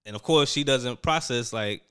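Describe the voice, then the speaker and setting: Bright clear-voiced man telling a story. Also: medium pitch, normal speed. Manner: animated storyteller, quotes people in raised voices. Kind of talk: casual chat recapping a reality show.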